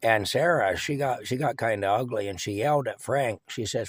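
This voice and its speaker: An older man, telling family stories in a halting, rambling way. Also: mid-range voice, breathy edge, no room sound. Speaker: vlogger. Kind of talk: casual storytelling.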